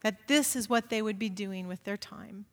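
A woman's voice: mid-range voice, normal speed, fairly bright tone. A woman pastor giving a conversational sermon in a church sanctuary, often asking the congregation rhetorical questions. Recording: reverberant sanctuary.

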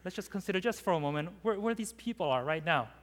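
A man preaching a sermon in an animated way, acting out the scripture he quotes. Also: high-pitched, fast. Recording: long hall reverb.

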